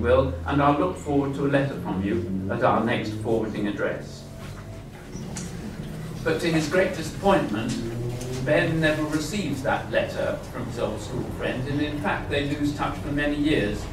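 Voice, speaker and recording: A man reading his own first-person story aloud at a live literary event, earnest and confiding. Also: mid-range voice. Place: festival event hall. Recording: echoey hall, far mic, background noise.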